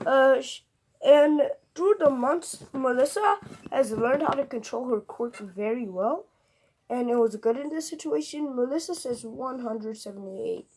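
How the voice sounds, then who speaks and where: A woman's voice: high-pitched, lively intonation, slow, darkish tone. Rambling young woman telling a fan story. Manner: rambling, full of fillers and self-corrections. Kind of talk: improvised fan-fiction narration.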